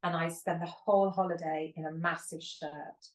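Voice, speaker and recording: Candid chatty 50s woman, lowish voice, sounds kinda far off in a roomy space. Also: little pitch movement, normal speed. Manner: frank, chatty, swears casually. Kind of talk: candid casual chat. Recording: echoey room, mic at a distance.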